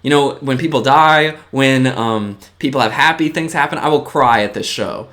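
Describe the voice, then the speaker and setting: A man giving a casual, earnest motivational talk to his viewers, often checking in with a quick "right?" and moving between eager bursts and softer, lower asides. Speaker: vlogger.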